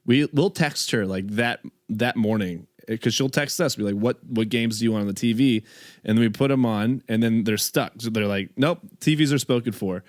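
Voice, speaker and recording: A man's voice: medium pitch, normal speed, no room sound, clean studio sound. Laughing man telling bar stories. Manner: laughs a lot, tells stories with acted quotes. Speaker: podcast co-host. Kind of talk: casual chat.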